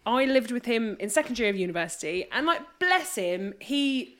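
A woman in her thirties with a fairly high voice chats loosely on a podcast. She tells her stories in a rambling way and laughs often. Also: animated, normal speed, fairly bright tone. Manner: chatty storyteller, laughs easily. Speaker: podcast co-host. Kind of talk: casual chat.

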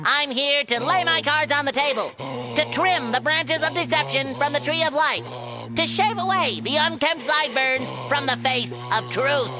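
A squeaky, earnest cartoon sea sponge. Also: male voice, moderate pace. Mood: grandiose. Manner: grandiose, then solemnly apologetic speech. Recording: cartoon clip with music behind.

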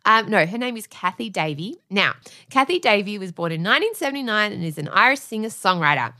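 A woman in her thirties co-hosting a casual chat show, bubbly, enthusiastic and quick to giggle. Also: mid-range voice, animated, bright, forceful tone. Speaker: podcast co-host.

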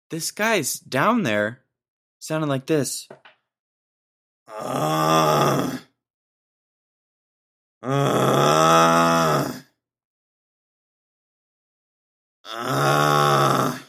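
A man's voice: lowish voice, fairly bright tone. A young man in his twenties hosting a podcast, telling a rambling, jokey story in casual slang. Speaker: podcast host.

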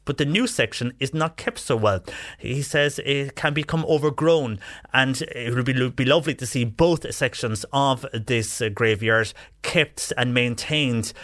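Bright-voiced radio presenter. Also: male voice, mid-range voice. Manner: steady, conversational, frequent "uh" fillers. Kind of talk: live radio talk show, reading listener texts.

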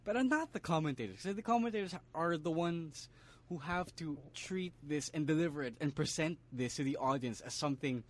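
A man's voice: fairly high pitch, brisk. Chatty man mixing Tagalog. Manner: analytical, mixes Tagalog into English. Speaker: podcast co-host. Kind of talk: casual wrestling chat.

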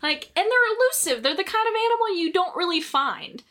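A woman's voice: extremely high pitch, big pitch swings, brisk, a bit bright. A young woman telling a story in casual podcast chat, swearing and laughing often.

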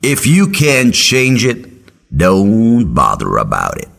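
A man quoting a gruff, blunt older professor. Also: lowish voice, huge pitch swings, slow pace, a bit bright, voice pushed up, exaggerated voice. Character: gruff older male professor, party animal.

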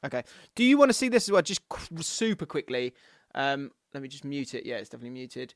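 A man's voice: medium pitch, big pitch swings, fast, no room sound, studio quality. A man co-hosting a casual football podcast, laughing often as he reads out listener messages and trades banter. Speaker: podcast co-host.

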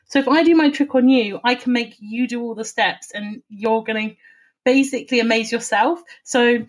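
A woman telling an animated story in casual chat, swearing and laughing as she goes. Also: fairly high pitch, normal speed.

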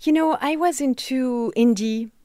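A woman in her fifties from France with a French accent, chatting as an interview guest. She talks in a loose, chatty way, fills her speech with "you know," and laughs off dark topics. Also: high voice, measured pace, no echo, studio quality. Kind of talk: casual conversation.

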